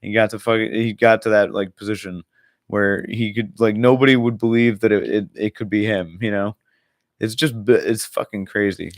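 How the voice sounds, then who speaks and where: A man's voice: on the low side, steady tone, normal speed, no room sound, clean studio sound. A young man co-hosting a podcast, rambling in casual chat with lots of filler words and swearing. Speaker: podcast co-host.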